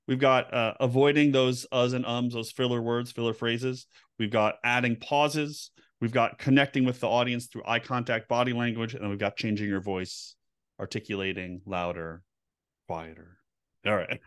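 A man's voice: medium pitch, fairly bright tone. A man hosting an interview, summarizing points and asking long, loosely worded questions. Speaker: podcast host, interviewer. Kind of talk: conversational interview.

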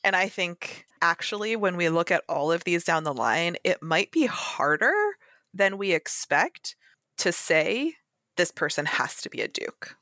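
Woman podcaster, nerdy detail-lover, lively bright voice, dry recording. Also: on the low side, a little slow, no echo. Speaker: podcast co-host. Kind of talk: casual book discussion.

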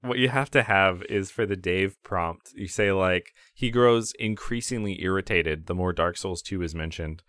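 A low-pitched man in casual podcast chat who rambles through fillers and breaks into laughter a lot. His voice is recorded close and dry, with no room sound behind it. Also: normal speed, few pauses, fairly bright tone, dry recording. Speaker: podcast co-host.

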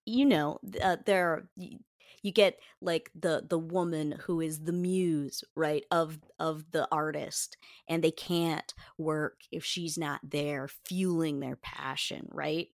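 A woman's voice: low voice, steady tone, slow, no room sound, clean studio sound. A woman co-hosting a podcast in casual chat, wry and amused as she lays out her theories. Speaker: podcast co-host.

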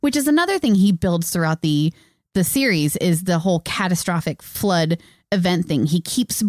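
A woman co-hosting a podcast in casual chat, animated and emphatic, often laughing. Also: lowish voice, normal speed, no echo, studio quality. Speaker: podcast co-host.

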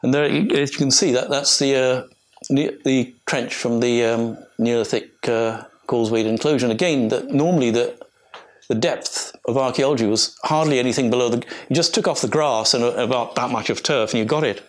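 An older man from England delivers an illustrated talk, his voice sitting at an ordinary middle pitch. He rambles from one anecdote to the next, restarting sentences and chuckling as he goes. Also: moderate pace. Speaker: archaeologist giving a talk.

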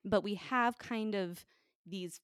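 A young American woman with a light Minnesotan accent, chatting casually as a podcast co-host with a nasal, vocal-fry tone and lots of asides. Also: medium pitch, slow pace, fairly bright tone, no room sound, clean studio sound. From United States. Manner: chatty, giggly, full of asides. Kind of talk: casual chat.

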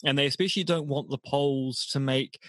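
A man's voice: mid-range voice, steady tone, fairly quick, no room sound, studio quality. A man co-hosting a podcast, explaining points in a wry, matter-of-fact way. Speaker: podcast co-host, academic. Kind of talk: casual podcast chat.

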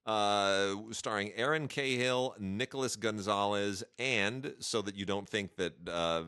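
A man's voice: lowish voice, a little slow, pushed and bright, clear, resonant tone, no room sound, clean studio sound. A man hosting a podcast, chatting casually and wryly with lots of fillers and restarts. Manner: wry, joking, many fillers and restarts. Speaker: podcast host reviewing home video releases. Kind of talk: casual chat.

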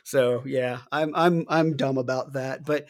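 A man's voice: mid-range voice, fairly even intonation, unhurried. Middle-aged guy rambling thru a story, cusses a lot, chuckles as he goes. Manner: loose storytelling, swears often, laughs through his stories. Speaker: podcast co-host. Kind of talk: casual chat.

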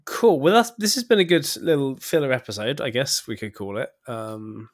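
A man's voice: mid-range voice, sing-song, normal speed, dry recording, studio quality. A man hosting a podcast in casual chat, rambling and hesitant with many fillers, laughing easily. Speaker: podcast host.

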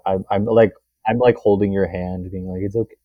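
Deep, dull-sounding halting man. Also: steady tone, dry recording. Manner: halting, repeats words. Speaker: player. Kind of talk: casual game chat. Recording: dull, dry close mic.

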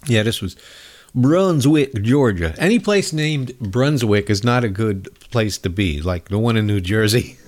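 A man's voice: lowish voice, lively intonation, normal speed, hardly any pauses. A man hosting a talk show, delivering a sarcastic, angry monologue. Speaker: radio show host.

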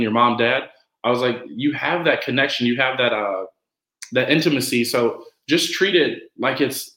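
A man's voice: mid-range voice, reverberant, poor audio. A man as a podcast guest, chatting casually and acting out quoted lines as he tells stories. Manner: animated storyteller who acts out quotes. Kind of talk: casual conversation.

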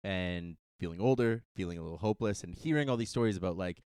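A podcast host in his thirties, chatting candidly and laughing often, with self-deprecating humor and sudden jumps up in pitch when excited. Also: fast, clean tone, no echo, studio quality. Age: 30s. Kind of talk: casual chat.

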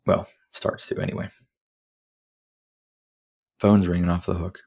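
A man's voice: low-pitched, little pitch movement, a little slow, gravelly, darkish tone, slightly rough. A man hosting a podcast, casually recapping a film in a rambling, profane way and laughing often. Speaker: podcast host.

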